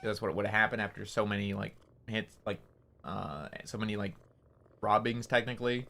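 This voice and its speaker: A man's voice: fairly low pitch, steady tone, moderate pace, creaky, sharp tone. A man casually recounting a game story on his stream, rambling and swearing with lots of fillers.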